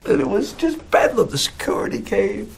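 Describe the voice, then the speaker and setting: A man with a gravelly edge to his voice tells a story with dramatic, amused flair. His pitch swings widely as he builds the scene. Faint room ambience sits behind him. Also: big pitch swings, moderate pace, slight background noise. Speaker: interviewee recalling a studio incident. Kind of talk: animated anecdote.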